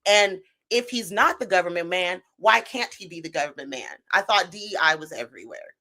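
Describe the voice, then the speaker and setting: Bright, sarcastic woman streamer. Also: fairly low pitch, animated, a little fast. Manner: sarcastic, mocking, laughing commentary. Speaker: stream host. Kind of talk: casual chat reacting to clips.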